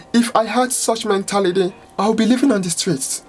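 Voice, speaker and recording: A woman salon owner giving an impassioned, angry rant to camera, exasperated and swearing, with outbursts that climb in pitch. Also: moderate pace, a little mellow. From United States.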